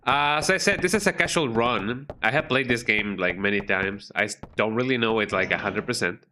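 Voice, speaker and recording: A man's voice: mid-range voice, a little fast, bright, forceful tone, a little hiss or hum. A man chatting casually while streaming a video game, rambling with many restarts. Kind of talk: casual live-stream commentary. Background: game music.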